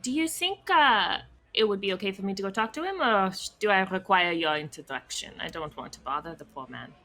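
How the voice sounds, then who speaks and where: A woman's voice: medium pitch, lively intonation, fairly quick, bright, forceful tone. A woman player speaking in character, polite, hesitant and eager. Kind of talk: in-character tabletop role-play.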